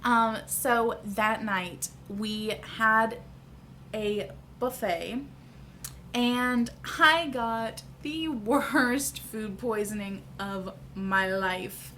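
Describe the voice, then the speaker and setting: A woman's voice: fairly high pitch, very slow, bright, forceful tone, slight background noise. A woman in her thirties telling a personal story to camera in a chatty, candid vlog, laughing easily. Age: 30s. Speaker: vlogger.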